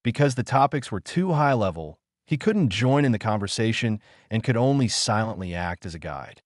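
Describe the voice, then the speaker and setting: A male audiobook narrator reading the story in a steady, scripted way. His voice is on the low side but lively in its pitch, and the sound is dry and close with no room around it. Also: moderate pace, no room sound.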